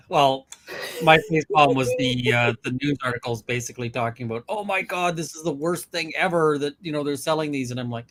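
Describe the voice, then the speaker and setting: A man's voice: a little high, normal speed, a bit bright, no echo. Rambling man, dry close sound. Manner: rambling, quotes people in mock voices. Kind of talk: casual live-stream chat.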